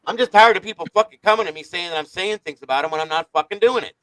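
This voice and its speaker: A man's voice: high voice, racing, fairly bright tone, no echo, rough recording. Blunt, profane man hosting a livestream. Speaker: livestream host. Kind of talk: casual livestream chat.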